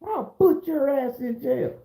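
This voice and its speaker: Furious shouting judge, put on by a man telling a story, raised pitch, roomy echo. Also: lively intonation, unhurried, gravelly, heavily acted. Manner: shouting insults. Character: furious cursing male courtroom judge.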